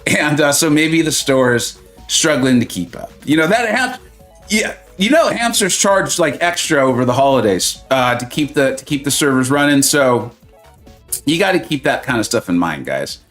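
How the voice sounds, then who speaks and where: A man's voice: mid-range voice, sing-song, normal speed, fairly bright tone, soft background music. A man hosting a live mobile-game stream, chatting and joking with viewers, reading their comments aloud and laughing often.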